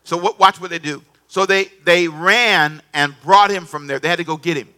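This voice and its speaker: A man preaching a sermon in an animated, conversational way, repeating himself and calling on the congregation to answer. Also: a little high, moderate pace. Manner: animated, repetitive, conversational preaching with call-and-response. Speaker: pastor.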